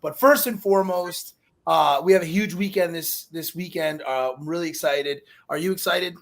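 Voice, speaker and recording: A man's voice: fairly high pitch, normal speed, a bit bright. A man from Chicago hosting a live online show, rambling with lots of fillers and joking. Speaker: host. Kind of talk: casual live show chat.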